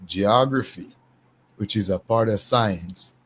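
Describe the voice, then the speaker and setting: A man hosting a casual panel discussion, talking in an unhurried, emphatic way with frequent restarts. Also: on the low side, fairly bright tone. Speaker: panel host.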